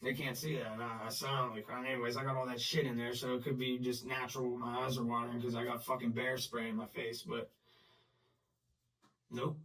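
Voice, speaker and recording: A man telling his own story in blunt, profane, halting talk full of restarts and fillers. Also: mid-range voice, level tone, fairly bright tone, distant mic, low-quality recording. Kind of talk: unscripted personal storytelling.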